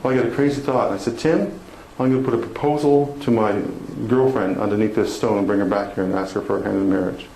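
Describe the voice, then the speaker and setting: Canadian man, keynote speaker, quick animated storyteller, echoey conference hall. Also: lowish voice. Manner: animated, chatty storytelling with audience laughter. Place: conference hall before an audience. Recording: echoey hall with faint noise.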